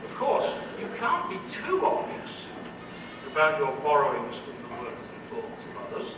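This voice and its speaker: A man's voice: fairly high pitch, wildly swooping pitch, normal speed. A man giving a humorous commencement address as a professor, with a dry, witty delivery. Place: large indoor hall. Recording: echoey hall, distant mic, noisy.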